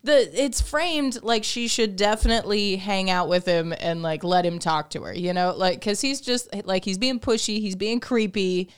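A woman co-hosting a casual podcast chat about a film, frank and expressive, often laughing. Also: mid-range voice, moderate pace, hardly any pauses, smooth. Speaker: podcast co-host.

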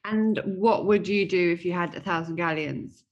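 Husky-voiced British woman podcast host. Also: on the low side, normal speed, highs cut off. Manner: chatty, hesitant with fillers. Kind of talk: casual chat, reading listener mail.

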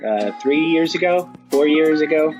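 Brazilian man hosting, halting English. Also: a little high, animated, darkish tone, soft background music. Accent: Brazilian Portuguese. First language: Portuguese. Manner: halting, many uhs and restarts. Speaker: podcast host. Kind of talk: interview hosting.

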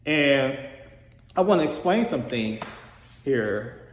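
A man earnestly telling a personal experience in a casual, halting way, with frequent restarts. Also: mid-range voice, expressive, slight background noise. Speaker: storyteller sharing a personal experience. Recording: roomy hall reverb.

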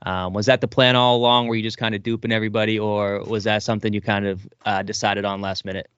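Male interview host, deep monotone, dull dry recording. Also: fast, smooth, no echo. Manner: laid-back, affirming with short backchannels. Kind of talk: casual interview hosting.

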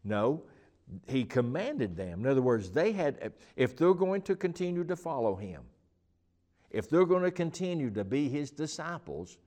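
A man's voice: on the high side, big pitch swings, moderate pace, warm tone. A man teaching the Bible in a loose, conversational way. He rambles and restarts often, then leans hard on the points he wants to stress. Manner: rambling, emphatic, many restarts and fillers. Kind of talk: informal Bible teaching chat.

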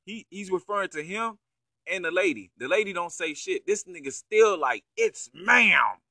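A man's voice: sits high, lively intonation, moderate pace, a bit bright, dry recording, clean studio sound. A man giving casual, profane reaction commentary on a clip, incredulous and heavy on slang. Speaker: online commentator.

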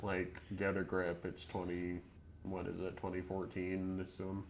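A man with a low voice talks through a movie recap for his podcast. He is sarcastic and swears freely. He laughs a lot while he goes. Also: completely flat delivery, measured pace, slight background noise. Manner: profane, sarcastic, laughs often. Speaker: podcast co-host. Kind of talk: casual movie recap chat.

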